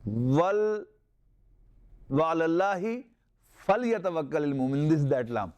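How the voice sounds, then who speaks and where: A man's voice: on the high side, very animated, unhurried, a little mellow. A man with a Pakistani accent teaching Arabic grammar in a classroom lecture, explaining step by step, repeating terms and reciting verses.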